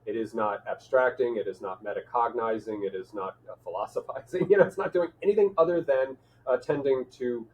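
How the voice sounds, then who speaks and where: A male podcast host talking in a thoughtful, halting way, with many fillers and restarts. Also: mid-range voice, a little hiss or hum. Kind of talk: reflective conversational chat. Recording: tinny phone-like line.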